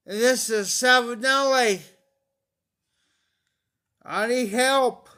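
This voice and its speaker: Anxious high-voiced man on a livestream. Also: slow pace, pauses often, bright, forceful tone, clean tone. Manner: anxious, pleading, repeats himself. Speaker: livestream host. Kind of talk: casual livestream chat to viewers.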